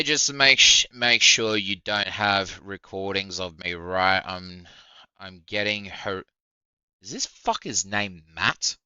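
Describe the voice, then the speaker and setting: A man's voice: deep voice, bright, forceful tone, smooth, no room sound, highs cut off. A young man reacting to a video in casual commentary, swearing often and breaking into indignant outbursts. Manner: profane, heated, indignant outbursts.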